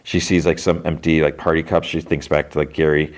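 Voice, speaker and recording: Low-voiced male podcast host, loose rambling recap, heavy on filler words. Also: flat delivery, a little fast. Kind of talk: casual episode recap.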